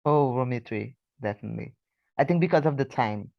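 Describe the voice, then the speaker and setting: A woman co-hosting a casual TV review podcast, animated and dramatic in her reactions. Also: rumbling low, brisk, gravelly, crowd noise. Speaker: podcast co-host. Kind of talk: casual chat reviewing a TV show. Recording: dry, slightly dull sound.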